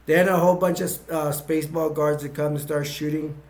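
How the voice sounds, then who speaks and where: A man's voice: a little high, steady tone, fairly quick, darkish tone. A man with a slightly raised voice walks through a film's plot scene by scene. He rambles, restarting sentences and filling gaps with ums as he goes. It sounds like an informal retelling. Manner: rambling, many restarts and fillers. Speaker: movie reviewer.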